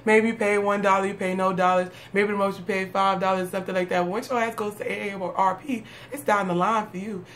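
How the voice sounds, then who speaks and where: A woman's voice: medium pitch, fairly even intonation, brisk, hardly any pauses, a bit bright, a little hiss or hum. A woman delivering a sarcastic, streetwise comedic rant, laughing at her own jokes. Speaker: comedic monologue host.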